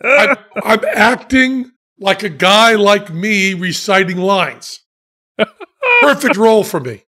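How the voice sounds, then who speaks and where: A man telling funny stories in casual chat, deadpan and self-mocking, laughing at his own jokes. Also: high-pitched, slow pace. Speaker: podcast guest telling stories.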